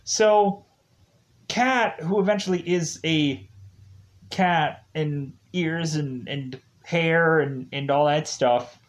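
A man's voice: a little high, slow pace. A man giving a casual, rambling review of a show's episodes, full of fillers and restarts. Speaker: show reviewer.

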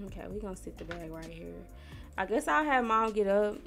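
This Missouri gaming YouTuber speaks at a medium pitch, animated and a bit bright with some creak, soft music playing behind her. She's young and casual, using slang as she plays a life-sim game, addressing the characters and herself and getting irritated fast.

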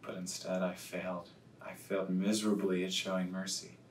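A man, a pastor, preaching a sermon in an earnest, confessional way and slowing down to stress key words. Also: completely flat delivery. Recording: echoey room, distant mic, faint rumble.

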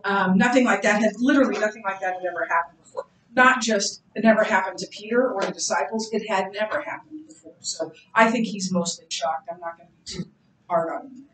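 A woman's voice: medium pitch, expressive, moderate pace. A woman teaching a Bible class in a church classroom, reading scripture and explaining it in an earnest, conversational way. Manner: earnest and conversational, thinking aloud with restarts. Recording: roomy sound from far off.

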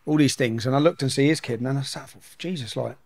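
A man's voice: medium pitch, fast talker, darkish tone, no echo, clean studio sound. A middle-aged man, telling a story at speed in an interview and acting out the dialogue. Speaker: guest.

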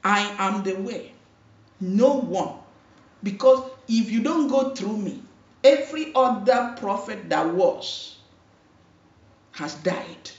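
A woman pastor delivers her sermon at a slow, deliberate pace, repeating her key phrases and calling out for amen. She sounds distant, with a roomy echo and a dull, lo-fi tone. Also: mid-range voice, lively intonation, a little mellow. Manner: emphatic preaching with repeated phrases and calls for amen.

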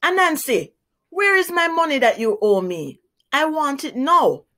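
A woman's voice: high-pitched, sing-song, a little slow, sharp tone, voice pushed up, exaggerated voice. A woman voicing a greedy, gullible male crow preacher in a storybook reading. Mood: demanding. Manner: demanding, then gushing.

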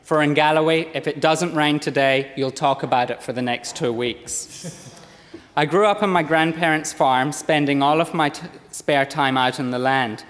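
Formal and measured, a read-out parliamentary speech comes from a Scottish man in his thirties serving as a member of parliament, with a few slips along the way. Years in Australia have softened his lowland Scottish accent, and the large chamber lends a long reverb.

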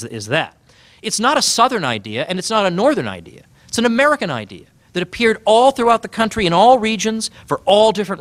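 A man giving a public talk about his book, animated and sardonic, pressing his points with emphasis. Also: on the high side, dry recording. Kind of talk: public speech.

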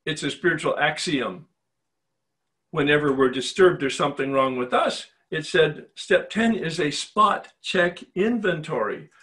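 A man's voice: on the high side, a little slow, sharp tone. An older man facilitating a spiritual recovery retreat, telling his own story in a personal, confessional way and posing emphatic rhetorical questions.

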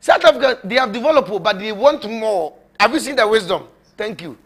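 A bright, high-pitched male preacher addresses his viewers in a loose, rambling sermon. He mocks, laughs often and hammers points home by repeating them. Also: animated, fairly quick. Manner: mocking, laughing, emphatic; repetitive, rambling. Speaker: prophet.

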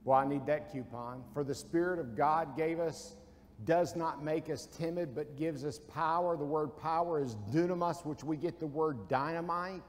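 A man's voice: a little high, steady tone, normal speed, in a large hall. A man preaching a folksy sermon in a church, asking his listeners questions and answering them himself. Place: church sanctuary.

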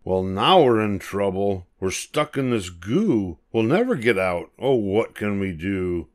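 A man's voice: fairly low pitch, lively intonation, measured pace, darkish tone. An older man voicing a gang of eager, fretting little monkey kids in a storybook reading. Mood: excited, fretting.

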